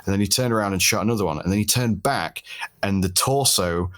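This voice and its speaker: A young British man chatting casually as a podcast guest, telling lively stories with frequent laughs and casual swearing. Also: lowish voice, a little fast. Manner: animated storyteller, laughs often, swears casually. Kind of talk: casual conversation.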